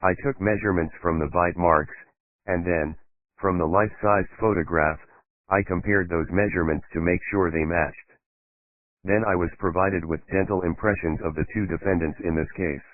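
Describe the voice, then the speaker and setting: A man voicing a detached male forensic dentist giving measured, matter-of-fact courtroom testimony in an audiobook. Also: deep voice, fairly even intonation, no echo, close to an everyday voice. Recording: tinny phone-like dry sound.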